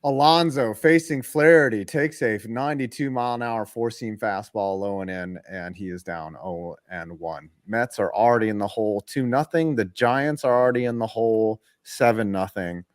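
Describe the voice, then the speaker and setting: A man's voice: on the low side, normal speed, few pauses, dry recording, studio quality. A man hosting a casual live sports call, giving play-by-play in a joking, profane way. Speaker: host and play-by-play caller.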